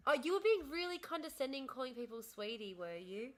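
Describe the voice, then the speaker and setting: Aussie woman streamer rambling on, chatty, quick asides. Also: sits high, sing-song. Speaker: livestream host. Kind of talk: casual chat.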